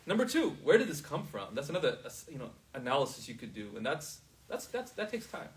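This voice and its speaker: Guy teaching a class, kinda high voice, keeps asking if they get it, sounds far from the mic. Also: big pitch swings, fast talker. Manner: asks the class often if they understand.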